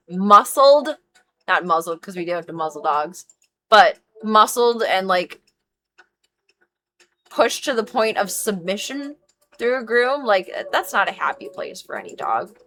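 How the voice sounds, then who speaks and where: A woman's voice: mid-range voice, expressive, normal speed, sharp tone. A woman in her thirties, a streamer and dog groomer, talking frankly and emphatically on a live stream and swearing freely. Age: 30s. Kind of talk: casual live-stream chat.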